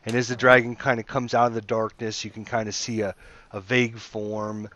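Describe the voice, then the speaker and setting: A man's voice: lowish voice, level tone, fairly quick, a bit bright. A man acting as game master, narrating a tabletop game in a rambling way, full of fillers and restarts, over a computer mic. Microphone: computer mic over voice chat.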